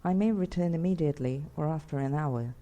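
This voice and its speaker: A woman's voice: deep voice, fairly quick, mellow, lightly acted. A woman voicing an earnest young man in an audiobook, asking polite, probing questions. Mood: inquisitive.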